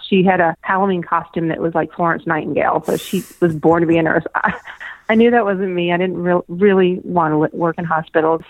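A woman's voice: lowish voice, dry recording. An older woman, a former pageant winner, tells stories in a casual interview, chatting easily, laughing often and restarting her phrases. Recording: tinny phone line.

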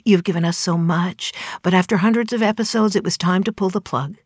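A woman in her forties giving an earnest, measured spoken reflection with dramatic emphasis. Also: lowish voice, breathy edge, no room sound, studio quality. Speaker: inspirational speaker.

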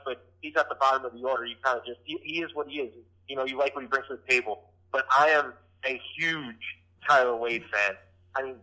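Podcast guest, male, very bright tone, hesitant casual delivery. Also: medium pitch, poor audio. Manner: hesitant, restarts often, stats-heavy.

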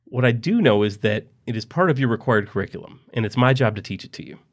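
A man's voice: mid-range voice, animated, quick pace, natural voice. A man voicing Mister Clark, a stern teacher who grows exasperated with a student. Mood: firm. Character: stern adult male teacher, patient then exasperated.

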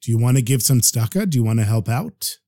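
A man voicing an old, gentle holy rabbi who speaks tenderly and blesses everyone, in a dark, mellow tone with dry close sound. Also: medium pitch, animated, fast, no room sound, close to an everyday voice. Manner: tender, blessing-giving, serene.

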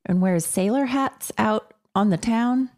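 A middle-aged woman co-hosting a casual chat, chatty and quick to laugh. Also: mid-range voice, darkish tone. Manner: chatty, laughing often, with fillers and restarts. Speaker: podcast co-host.

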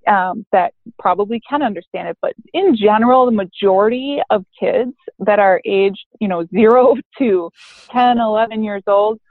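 A woman's voice: mid-range voice, moderate pace, no room sound. Candid woman therapist on a phone-like line. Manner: candid and animated, swears casually, acts out parent and teen quotes. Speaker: therapist guest. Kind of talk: casual podcast interview. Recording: dry, phone-like narrow sound.

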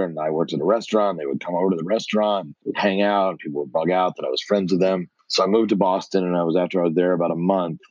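A man's voice: sits low, darkish tone, no echo, muffled recording. A middle-aged man from New York, a podcast guest telling his life story with blunt, profane energy.

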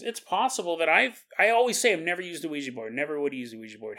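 A man hosting a solo podcast, telling a story in an animated way and laughing as he acts out quotes. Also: a little high, quick pace, hardly any pauses. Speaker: podcast host. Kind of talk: casual solo podcast monologue.

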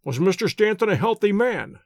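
A man voicing a shrewd, calm male detective who speaks in measured, courteous and gently ironic tones in an audiobook. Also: sits high, no room sound, studio quality, pitched above the performer's own voice. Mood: probing.

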